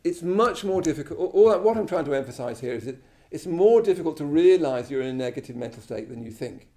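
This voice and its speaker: An English man gives a casual Buddhist talk to a live class in a Buddhist centre's shrine room, speaking fast with a slightly high, dark-toned voice and lively intonation. He's chatty, pokes fun at himself and often adds "you know" or "yeah?".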